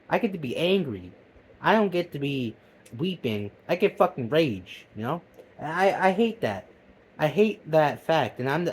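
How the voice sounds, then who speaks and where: A man delivering a profane, heated comedic rant that swings between loud outbursts and low mutters. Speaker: vlogger. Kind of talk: comedic ranting monologue.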